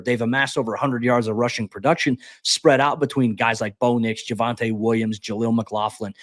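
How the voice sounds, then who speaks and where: A man talks football at a rapid clip, stumbling over his first words and pressing ahead. His mid-range voice sounds close and dry, with no room around it. He is a guest host on a sports podcast. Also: mid-range voice, no echo. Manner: rapid, animated, frequent stammered restarts. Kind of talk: casual sports analysis chat.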